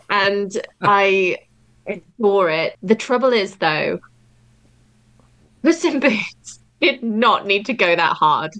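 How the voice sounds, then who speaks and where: A woman's voice: medium pitch, slow pace, fairly bright tone. A young adult woman chatting as a podcast guest, gushing and emotional and laughing often. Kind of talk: casual roundtable chat.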